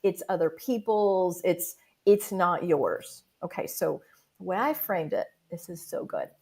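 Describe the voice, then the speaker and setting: A woman author and business mentor, a guest on a video call from a closed office, talking in an animated way and acting out inner voices in little quoted asides. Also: lowish voice, measured pace. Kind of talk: animated interview talk. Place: home office with the door closed.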